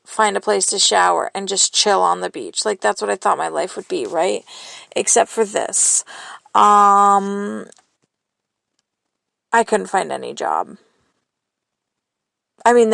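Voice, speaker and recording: A young woman with a gravelly mid-range voice hosts a solo podcast, rambling candidly into her phone. It's a confessional monologue with casual swearing, and there's no echo.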